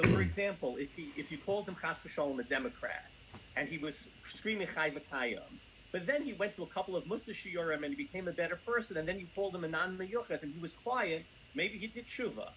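A man's voice: fairly high pitch, lively intonation, a little fast, a bit bright, slight background noise, poor audio. A man, a student in a Talmud class, asking a question by laying out a long hypothetical case step by step.

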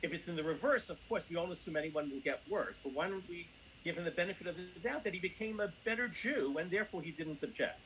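A man's voice: a little high, fast talker, a bit bright, slight background noise, poor audio. A man, a student in a Talmud class, asking a question by laying out a long hypothetical case step by step.

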